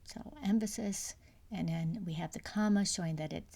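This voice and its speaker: A woman's voice: fairly low pitch, moderate pace, gravelly, dark tone. A middle-aged woman giving a recorded university lecture, explaining step by step with many fillers and restarts. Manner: explanatory, frequent fillers and restarts, sometimes drops to a whisper. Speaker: university English instructor.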